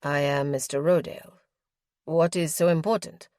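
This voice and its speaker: A woman voicing a tall, commanding male gaming-house owner with a sharp, irritated manner. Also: low-pitched, fairly even intonation, normal speed, no room sound, studio quality, natural voice. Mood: curt.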